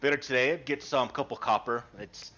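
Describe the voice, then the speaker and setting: A man voicing a humble, polite fisherman who speaks hesitantly with many pauses, in a tabletop game over a web call. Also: mid-range voice, bright, forceful tone, dull audio, pitched below the performer's own voice, lightly acted. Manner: hesitant, halting, full of ums and pardons. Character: humble middle-aged male fisherman, polite and shy.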